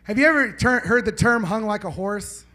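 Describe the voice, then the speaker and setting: A man's voice: sits high, animated, moderate pace, bright, forceful tone. A man doing a live stand-up set in a small venue, rambling and swearing as he banters with the audience. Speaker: stand-up comedian.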